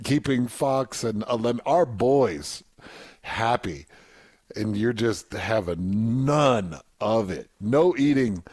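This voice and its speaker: A man co-hosting a podcast in casual chat, asking slow teasing questions. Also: on the low side, darkish tone, dry recording, clean studio sound. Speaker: podcast co-host.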